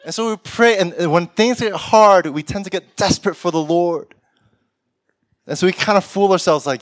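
Young man preaching, lively and joking. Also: sits high, normal speed, no echo, studio quality. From Korean heritage. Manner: animated, humorous, laughs often, voices imagined people. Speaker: pastor. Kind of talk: sermon with acted-out quotes.

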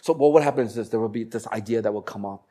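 A man preaching a sermon as a pastor, slowing down to stress key phrases and growing animated when he tells stories. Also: on the low side. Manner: animated storytelling, bursts of laughter and acted voices; slows down for emphasis on key phrases.

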